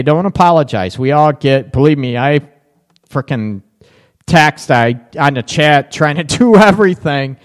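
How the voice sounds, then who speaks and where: A man's voice: fairly high pitch, lively intonation, unhurried. A middle-aged man hosting a live relationship advice show, chatting casually and reading out viewer comments. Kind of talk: live call-in advice talk.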